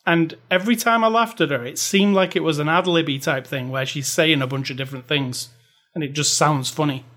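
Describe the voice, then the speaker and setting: Higher-voiced man, rambling movie chat. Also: a little fast, a bit bright. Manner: rambling, hedges a lot with "like" and "you know". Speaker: podcast co-host. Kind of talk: casual movie review chat.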